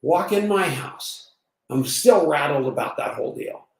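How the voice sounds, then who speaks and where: A man in his sixties telling a story in an energetic, emphatic motivational monologue. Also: on the high side, a little slow, vocal fry. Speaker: network marketing vlogger. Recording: roomy, slightly distant mic.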